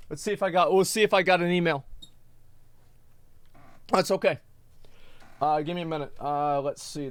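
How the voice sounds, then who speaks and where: Ranting male streamer, smooth dry voice. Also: a little high, normal speed, pauses often, dry recording. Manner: exasperated, ranting, lots of restarts. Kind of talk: casual reaction stream.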